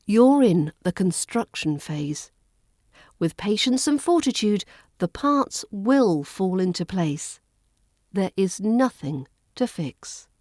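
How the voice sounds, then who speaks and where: A woman with a British RP accent hosting a podcast pronunciation lesson, modelling sounds slowly and deliberately. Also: medium pitch, sing-song, a little mellow, no room sound, studio quality. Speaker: accent coach and podcast host.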